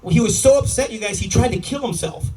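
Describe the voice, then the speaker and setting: A man performing a stand-up comedy set, telling animated stories and laughing at his own jokes. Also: very high-pitched, fast. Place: comedy club stage. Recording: live room mic, distant, with audience. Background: audience laughter.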